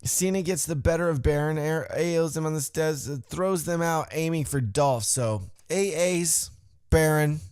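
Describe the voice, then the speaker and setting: A man hosting a podcast, giving a profane, animated play-by-play recap and acting out other people's lines. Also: a little high, moderate pace, clean tone, no echo, clean studio sound. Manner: profane, animated storytelling, acts out quotes. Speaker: podcast host.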